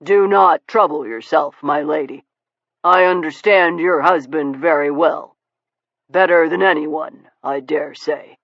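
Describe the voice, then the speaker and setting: A woman voicing a smoothly polite gentleman who calmly needles his rival, measured and courtly, in a dull, lo-fi recording. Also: low-pitched, dry recording, heavily acted. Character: suavely polite male visitor, calmly needling.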